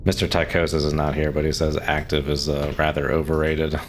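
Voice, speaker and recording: A man's voice: rumbling low, level tone, fairly quick, a little hiss or hum. A man streaming a game, chatting casually and answering chat questions, with frequent chuckles. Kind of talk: casual live-stream commentary.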